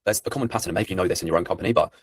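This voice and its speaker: A man in his early twenties working as a sales closer, calm and persistent, answering with more questions. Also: sits low, rapid-fire, breathy edge, no echo. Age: 20s. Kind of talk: sales call conversation.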